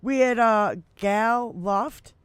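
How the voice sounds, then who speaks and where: A woman's voice: a little high, very slow, clean tone, no echo. A woman in her fifties co-hosting a casual political podcast chat, swearing freely, talking with animation and laughing often. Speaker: podcast co-host.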